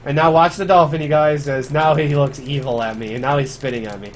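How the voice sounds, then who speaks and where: A man's voice: a little high, fairly even intonation, fairly quick, hardly any pauses, a little hiss or hum. Chatty man streaming a speedrun. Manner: chatty, grumbling about mistakes. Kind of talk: casual live gameplay commentary.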